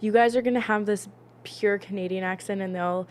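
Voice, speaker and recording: A woman's voice: medium pitch, fairly even intonation, a little fast, a little hiss or hum. A woman co-hosting a casual podcast chat, talking in a rambling way, trailing off and restarting her thoughts. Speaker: podcast co-host.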